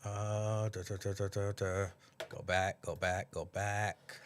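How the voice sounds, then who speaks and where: On a recording with a little hiss or hum, a man with a lowish voice hosts a late-night livestream at a slow pace. He chats casually and repetitively, breaking into laughs and mimicking people.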